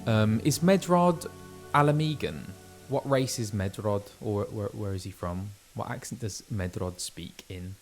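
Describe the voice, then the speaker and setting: A male voice actor chatting casually while streaming a game, animated and chatty, often stopping and restarting mid-sentence. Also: on the low side, a little slow, faint music behind. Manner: chatty, animated, self-interrupting. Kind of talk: casual gameplay chat.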